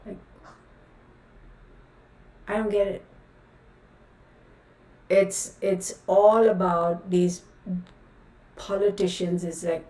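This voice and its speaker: A woman's voice: mid-range voice, takes it slowly, long pauses, a little mellow. Outspoken woman ranting in a roomy echo. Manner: outspoken, exasperated ranting with many fillers. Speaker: tarot reader hosting a livestream. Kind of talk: casual livestream chat. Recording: roomy sound from a distant mic.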